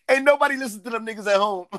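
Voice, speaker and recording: A man's voice: high-pitched, fairly bright tone, dry recording. A man hosting a livestream with loose comic banter, clowning and laughing often. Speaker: comedy host.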